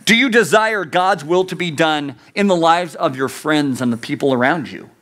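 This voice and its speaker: A man's voice: a little high, moderate pace, a bit bright. A man preaching a youth sermon, earnest and conversational, asking the listeners rhetorical questions. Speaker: youth pastor.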